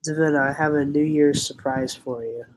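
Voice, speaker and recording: A man's voice: on the high side, fairly even intonation, normal speed, low-quality recording. A young man hosting a casual livestream chat, rambling and giggly, often restarting his sentences. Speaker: livestream host.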